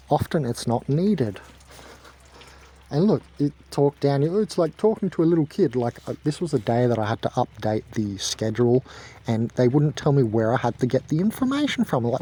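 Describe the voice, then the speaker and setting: A man's voice: medium pitch, mellow. A young man ranting to camera in a heated, profane, rambling way. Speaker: vlogger. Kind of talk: angry ranting monologue to camera.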